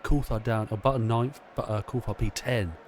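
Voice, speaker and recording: A man, host of a gaming channel, excitedly commentating his own racing game with a chatty, casual manner. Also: mid-range voice, moderate pace, background noise.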